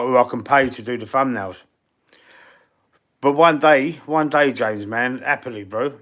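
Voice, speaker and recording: A man's voice: mid-range voice, fairly bright tone. A middle-aged Cockney man chatting live. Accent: Cockney London. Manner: chatty and rambling, reads viewer comments aloud and answers them; blunt and swears casually. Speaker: football channel live-stream host. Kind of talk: casual live-stream chat.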